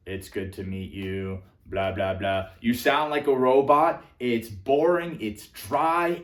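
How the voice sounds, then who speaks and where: A young man coaching on social skills, animated and casual, swinging between loud emphatic bursts and quiet asides, now and then swearing for emphasis. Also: on the high side. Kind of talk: energetic coaching monologue to camera. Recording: echoey room.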